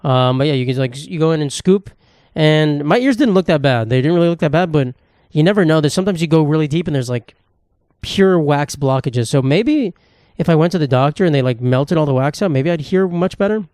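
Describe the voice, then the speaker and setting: Young man, solo podcast host, crude jokey rambling, slightly high voice, dry close mic. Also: lively intonation, fairly quick, darkish tone, dry recording. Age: 20s. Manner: rambling, crude, self-mocking humor. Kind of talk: casual solo podcast monologue. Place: indoor room, at a table.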